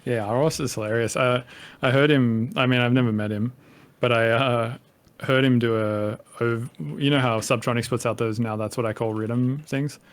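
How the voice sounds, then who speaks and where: A man's voice: medium pitch, steady tone, moderate pace, dry recording. Male podcast guest, light Australian accent, easygoing rambling chat with filler words. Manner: rambling, filler-heavy, casual swearing. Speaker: podcast guest, music producer. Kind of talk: casual conversation.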